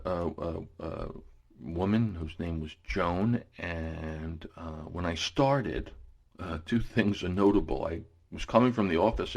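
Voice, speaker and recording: A man in his forties telling casual anecdotes on radio, rambling with many fillers and restarts. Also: deep voice. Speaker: radio guest storyteller.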